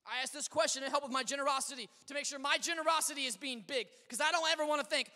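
A man preaching in a church sanctuary, his voice pitched very high and strikingly bright. He tells stories with lively swings from shouted exclamations to hushed asides, and a long reverb hangs behind every phrase. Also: racing. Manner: storytelling, animated, swings between shouting and quiet asides. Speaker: pastor. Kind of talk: sermon.

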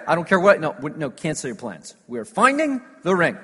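A man preaching a sermon, telling stories with lively emphasis that swings between loud declarations and hushed asides. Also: on the high side, fairly quick, few pauses, husky. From United States. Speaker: pastor. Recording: long hall reverb.

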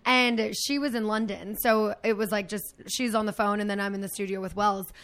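A woman hosting a podcast in casual chat, chatty, with quick reactions and joking asides. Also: mid-range voice, fairly even intonation, fairly bright tone. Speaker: podcast host.

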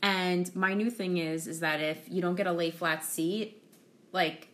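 A woman's voice: lowish voice, fairly even intonation, measured pace. A woman co-hosting a casual travel podcast, candid and self-deprecating as she talks. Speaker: podcast co-host.

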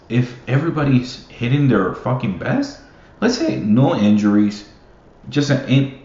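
A man's voice: mid-range voice, darkish tone. A young man rambling as a basketball fan in casual solo commentary, swearing freely and laughing often. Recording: roomy, muffled, faint hiss.

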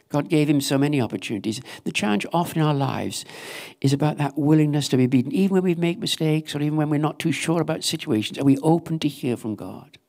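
A man's voice: on the high side, lively intonation, fast, darkish tone. A man preaching a sermon, telling a story in an earnest way and voicing the questions he imagines his listeners asking.

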